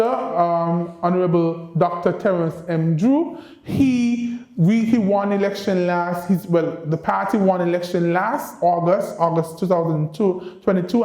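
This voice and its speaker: High-voiced man lecturing. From Saint Kitts and Nevis. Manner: lively teacherly delivery, coaxing the audience to repeat phrases. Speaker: ambassador giving a guest lecture. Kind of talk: university lecture. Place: university lecture room. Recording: roomy lecture-room echo.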